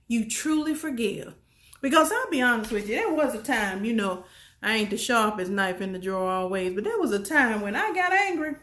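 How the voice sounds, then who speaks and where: A woman's voice: on the high side, lively intonation, a little fast, a bit bright. A woman giving a motivational talk to her audience, emphatic and folksy, repeating her points and asking listeners questions. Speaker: motivational speaker. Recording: roomy echo.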